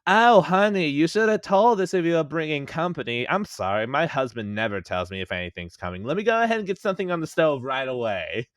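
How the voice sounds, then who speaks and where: A man's voice: on the high side, sing-song, a little fast, few pauses, no echo, clean studio sound, pitched above the performer's own voice. A man voicing a doting, fussy pirate housewife in a Harley Quinn-style voice who calls everyone honey. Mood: fussing hostess. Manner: sugary, sing-song, calls everyone honey.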